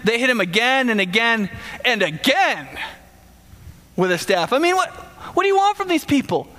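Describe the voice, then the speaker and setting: A man preaching a sermon in a conversational, animated way, speaking directly to the congregation. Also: very high voice, moderate pace. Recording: long hall reverb.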